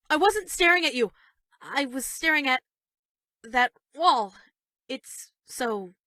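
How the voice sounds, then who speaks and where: A woman's voice: sits high, dry recording, studio quality, exaggerated voice. Sweetly creepy yandere schoolgirl. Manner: shy and stammering, with sudden dark menace. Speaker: voice actress for a dating game character. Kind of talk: scripted game voice lines.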